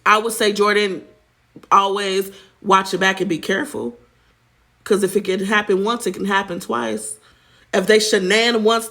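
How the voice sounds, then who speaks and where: Sassy woman gossip host with a gravelly edge, talks straight to her viewers. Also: medium pitch, a bit bright. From United States. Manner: sassy, chatty, addresses viewers as child and honey. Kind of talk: casual celebrity gossip commentary.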